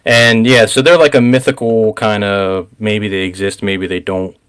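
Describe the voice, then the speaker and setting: A man hosting a casual recap chat, rambling, laughing often and getting excited. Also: lowish voice, normal speed, clear, resonant tone. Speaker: podcast host.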